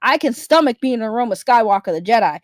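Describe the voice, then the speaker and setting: A woman's voice: fairly high pitch, expressive, fast talker, no echo, studio quality. Blunt, profane woman ranting. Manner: blunt, profane, emphatic repetition. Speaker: streamer. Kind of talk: ranting commentary.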